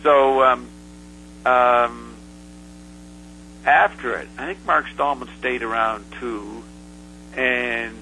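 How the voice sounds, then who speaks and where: A man being interviewed, recounting a past event in a halting, rambling way full of fillers and restarts. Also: mid-range voice, sharp tone, a little hiss or hum, poor audio. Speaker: interview guest. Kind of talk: casual storytelling.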